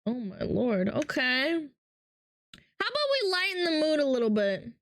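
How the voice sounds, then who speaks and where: A woman's voice: high-pitched, big pitch swings, a little slow, background noise. A young woman chatting casually on a live stream, playful and teasing, switching between English and Russian.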